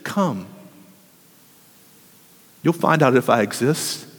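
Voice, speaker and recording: Preacher voicing a gentle Jesus: soft, slow, calm, in a reverberant hall. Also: male voice, on the high side. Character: gentle, patient Jesus calling the weary.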